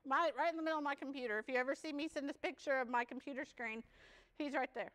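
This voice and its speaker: A woman's voice: sits high, fairly even intonation, fast talker, a bit bright. A woman giving a peer support workshop at a conference, chatty and joking, laughing often. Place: conference session room.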